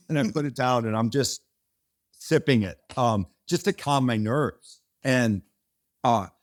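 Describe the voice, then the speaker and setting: A man, a company founder, telling a story in a casual interview, rambling and animated, with restarts and mild swearing. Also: medium pitch.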